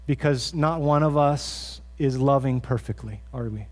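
A man's voice: medium pitch, unhurried, darkish tone. A man preaching a sermon as pastor in a church, earnest and conversational, often restarting his phrases.

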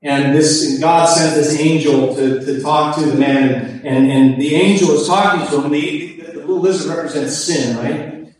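High-voiced pastor in an echoing church. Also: male voice, moderate pace, darkish tone. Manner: emphatic, repeats key phrases. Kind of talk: sermon. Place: church service. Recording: echoey, distant church recording.

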